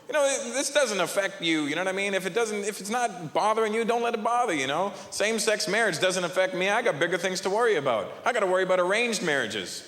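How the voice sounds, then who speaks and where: A young man works a comedy club stage with a bright, lively delivery, punching his lines and laughing at his own jokes. The handheld stage mic picks up a big echoey hall and faint crowd ambience behind him. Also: high voice, quick pace, few pauses. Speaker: stand-up comedian. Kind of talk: live stand-up set.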